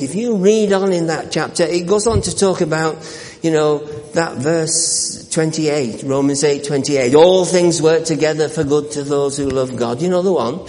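A man preaching a sermon as a pastor, earnest, with repeated words and restarts, slowing down to read scripture. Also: fairly high pitch, darkish tone, in a large hall.

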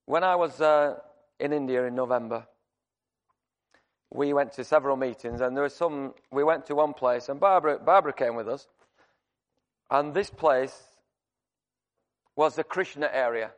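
A man preaching a sermon, telling a personal story in a conversational, animated way with many restarts. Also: mid-range voice, normal speed, pauses often. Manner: shouts to act out screaming.

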